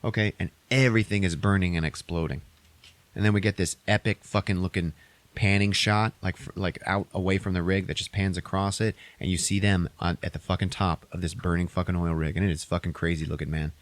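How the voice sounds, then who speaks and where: A man's voice: deep voice, steady tone, brisk, no echo. Rambling, swearing young man recapping a movie. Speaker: podcast host.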